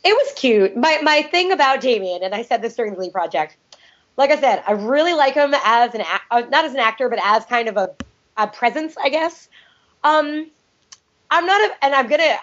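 A woman with a somewhat high voice talks in a loose, rambling way, often trailing off into "I don't know." She co-hosts a casual podcast chat. The recording is dull and lo-fi. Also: lively intonation, fairly quick. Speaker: podcast co-host. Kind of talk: casual chat reviewing TV episodes.

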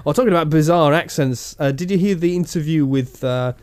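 A man co-hosting a casual podcast, animated and jokey. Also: brisk, smooth, dry recording. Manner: animated, bursts into silly high voices. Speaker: podcast co-host. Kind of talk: casual banter.

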